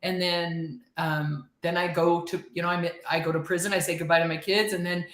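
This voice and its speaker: A woman's voice: on the low side, flat delivery, a little fast. A woman guest telling a story in casual chat, acting out quoted lines and laughing often. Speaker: podcast guest. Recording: echoey room.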